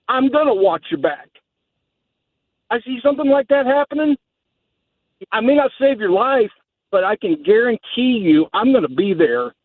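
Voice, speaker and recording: A man's voice: high-pitched, dry recording. Emotional male caller on a tinny phone line. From Texas. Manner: emotional, earnest, halting.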